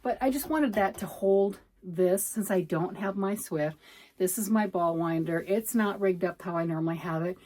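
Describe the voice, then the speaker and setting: A woman's voice: mid-range voice, moderate pace, a little mellow. A middle-aged woman chatting casually as a knitting vlogger, rambling and talking to herself as she works, a little out of breath. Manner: chatty, rambling, self-talk while working. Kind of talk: casual chat.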